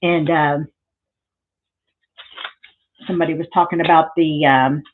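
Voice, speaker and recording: A woman chatting casually through a crafting tutorial, rambling into side stories and filling pauses with lots of ums. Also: deep voice, fairly even intonation. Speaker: craft vlogger. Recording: thin phone-like sound.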